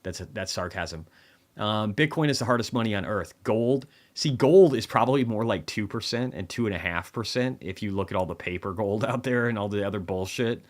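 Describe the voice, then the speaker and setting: A man's voice: lowish voice, fairly quick. Tired, profane male market streamer. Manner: profane, rambling, offhand. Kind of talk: casual livestream talk.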